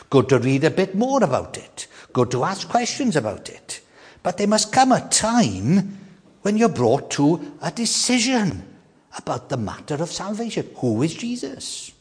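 An older man preaching a sermon with an animated delivery, often repeating words and slowing down to stress key questions. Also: a little high, big-room sound.

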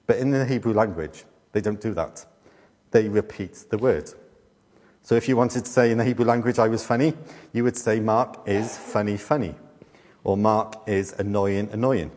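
A middle-aged man preaching a sermon as a pastor. He teaches with rhetorical questions and deliberate repetition. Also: lowish voice, darkish tone. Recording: long hall reverb.

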